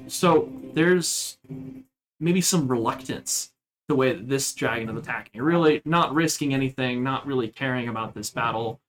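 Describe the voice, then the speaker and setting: A man narrating a tabletop game as game master, describing scenes with steady, measured pacing. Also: medium pitch, poor audio.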